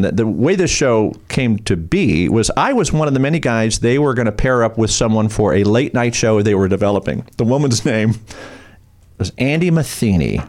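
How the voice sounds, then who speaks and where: A middle-aged man, a comedian and former TV host, telling stories in a lively chat and slipping into voices. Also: on the low side. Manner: rapid, animated storyteller who slips into voices. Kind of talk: casual chat, storytelling.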